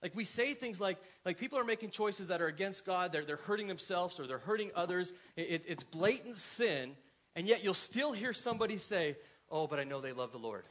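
A pastor in his thirties, with a high and fairly bright voice, preaches from the front of his church. His sermon wanders in a relaxed, conversational way, packed with asides and quick questions tossed to the congregation.

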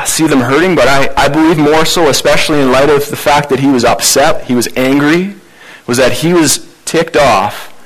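Male pastor, mid-pitched, conversational sermon with animated emphasis. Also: poor audio. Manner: conversational preaching with rhetorical questions.

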